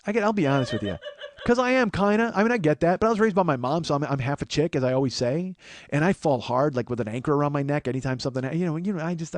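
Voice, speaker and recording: A man hosting a podcast, riffing in casual comedic banter, profane and building to loud enthusiasm. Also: on the high side, no echo. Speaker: podcast host.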